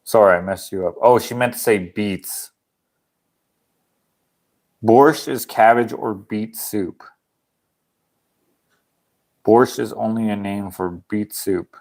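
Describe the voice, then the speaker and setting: A young man with a fairly low voice hosts a casual livestream chat. He rambles from joke to joke and reads viewer comments aloud in a relaxed, easygoing way. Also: slow, pauses often. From Canada. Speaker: livestream host.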